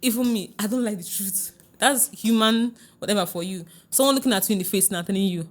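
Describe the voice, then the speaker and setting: A middle-aged woman with a Nigerian accent speaks as a relationship coach in a podcast interview. Her voice sits in a middle register. She talks in a lively, chatty way, laughs easily, and keeps checking that her listener understands. Soft music plays faintly behind her. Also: medium pitch, fairly quick, hardly any pauses.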